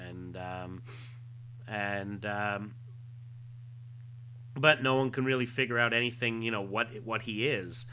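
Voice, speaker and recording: A man's voice: mid-range voice, steady tone, unhurried, long pauses, pushed and bright, a little hiss or hum. A man casually recapping a comic book, rambling with lots of fillers. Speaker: podcast host.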